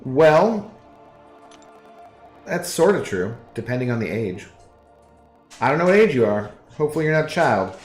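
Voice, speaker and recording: A man streaming a game from his apartment, chatting in a laid-back, rambling way and reading viewers' chat aloud. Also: mid-range voice. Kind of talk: casual live-stream chat while gaming. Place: apartment living room. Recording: roomy echo with faint music.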